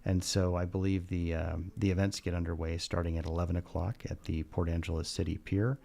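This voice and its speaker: Man, very deep voice, gravelly, warm tone, measured and earnest, studio radio guest. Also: little pitch movement. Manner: measured and earnest, with frequent "uh" pauses. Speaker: county prosecutor and coroner, radio guest. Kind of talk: radio interview. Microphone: studio microphone.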